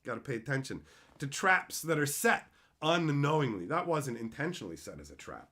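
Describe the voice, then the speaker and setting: Bright, animated male streamer. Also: medium pitch. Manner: ranting, frustrated, swears a lot; reads out chat messages. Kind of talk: live stream chat.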